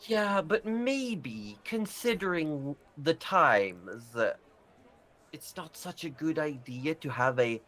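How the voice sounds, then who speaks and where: A man's voice: fairly high pitch, big pitch swings, takes it slowly, fairly bright tone, heavily acted. A man with an Australian accent voicing a weary, overworked female town official, dry and exasperated.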